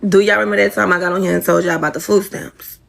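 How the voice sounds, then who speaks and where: A woman's voice: on the low side, steady tone, fast talker, creaky. A woman ranting to her viewers on a phone, profane and exasperated. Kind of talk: casual social media rant.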